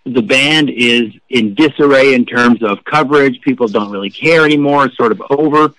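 A middle-aged man, a rock journalist guest, telling anecdotes in a casual interview with an animated, profane, snarky manner. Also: medium pitch, normal speed, no echo, rough recording.

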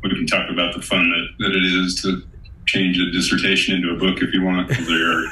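A middle-aged man, an Air Force colonel and author, talking calmly in a deep, monotone, professorial voice during an interview. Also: echoey room, slight background noise, rough recording. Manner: calm, unhurried, self-described monotone professor voice. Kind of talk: casual interview talk.

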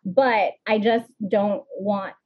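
A woman's voice: medium pitch, steady tone, slow, dull audio. A woman guest in a casual podcast chat, sassy and emphatic, laughing often.

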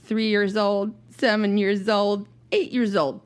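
A woman's voice: medium pitch, slow. A woman in her thirties from Minnesota, with a Minnesotan accent, co-hosting a podcast in casual chat and exclaiming often. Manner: animated, exclaims and gasps often. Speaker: podcast co-host.

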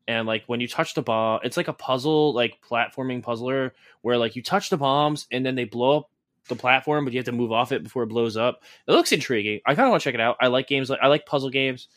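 Man, podcast co-host, bright forceful voice, dry close sound, rambling, sarcastic. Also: mid-range voice, no echo. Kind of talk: casual podcast chat.

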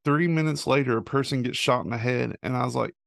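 Gravelly-voiced man, halting guest. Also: mid-range voice, fairly bright tone, no echo, studio quality. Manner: halting, full of "like" fillers. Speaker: podcast guest. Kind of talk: casual chat.

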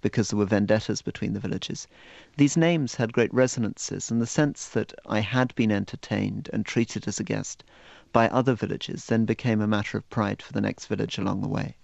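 Brief: male author, low gravelly voice, measured storyteller, dull dry studio sound. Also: fairly even intonation, darkish tone, dry recording. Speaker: author and guest. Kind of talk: radio interview and book reading.

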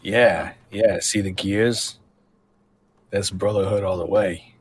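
Male tabletop player, husky low voice, laid-back. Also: fairly even intonation, slow. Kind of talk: casual tabletop play.

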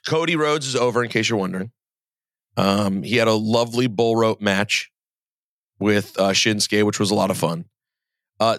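A man hosting a podcast in casual chat, talking in quick asides. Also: medium pitch, a bit bright, no room sound, studio quality. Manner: chatty, quick asides, quotes others in mock voices. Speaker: podcast host.

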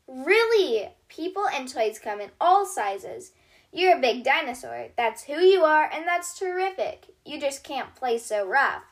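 Casting: a woman playing a kind, reassuring little girl doctor, high and bright, storybook read-aloud. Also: big pitch swings, unhurried. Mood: cheery. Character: cheerful, caring young girl toy doctor.

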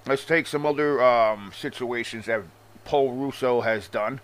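A man's voice: mid-range voice, unhurried, fairly bright tone, clear, resonant tone, rough recording. Male podcast host, casual profane rant, sarcastic asides, loose rambling delivery. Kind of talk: casual rant about wrestling.

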